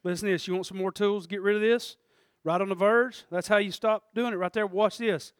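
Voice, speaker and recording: A man with a notably high voice preaches a fiery church sermon, bursting into shouts and then dropping to quiet, chatty asides with a laugh. The sound is dry and close. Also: fairly even intonation, a little fast, clean tone, no room sound. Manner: passionate preaching, swings from shouting to quiet talk; laughs between points, conversational asides. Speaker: pastor. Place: church service.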